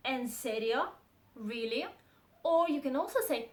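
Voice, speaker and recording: A young adult woman teaching a language lesson, saying model phrases slowly and repeating them. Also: high voice.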